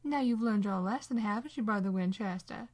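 A woman voicing a kindly, teasing old blind woman who speaks gently and motherly in a storybook reading. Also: fairly high pitch, unhurried, voice pushed up, close to an everyday voice.

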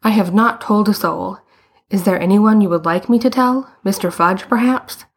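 A woman voicing a serious but kindly male school headmaster who speaks slowly and formally. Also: mid-range voice, breathy edge. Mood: grave, kind. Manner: slow and formal.

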